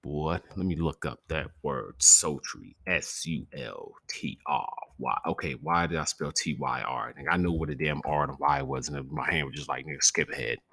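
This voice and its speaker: A young man hosting a podcast from his bedroom at night, talking low and quiet so as not to wake anyone, rambling with lots of swearing and jokes. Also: moderate pace, creaky, few pauses, no room sound. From northwestern and midwestern United States. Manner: hushed, trying to stay quiet, profane and joking. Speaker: podcast host. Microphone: desk microphone.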